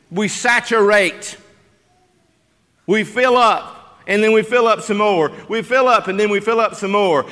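High-voiced preacher in a reverberant church. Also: male voice. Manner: emphatic, rhetorical questions to the congregation, swings from loud to hushed. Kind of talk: sermon. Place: church sanctuary.

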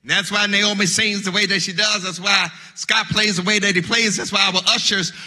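A male pastor delivering a funeral sermon, with rhythmic preaching that swells into shouted, sung cadences and words repeated as he starts his phrases, in a church sanctuary. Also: high voice, fairly even intonation, normal speed. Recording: long hall reverb.

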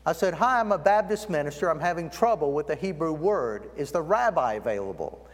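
A man preaching a sermon as a guest, telling a story and slowing down to stress key words. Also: on the high side, expressive. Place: church sanctuary. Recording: long church hall reverb.

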